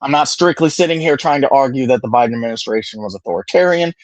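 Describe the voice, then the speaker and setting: A young man arguing politics heatedly on a live stream, insistent and quick to repeat his points. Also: medium pitch, expressive, no room sound, rough recording.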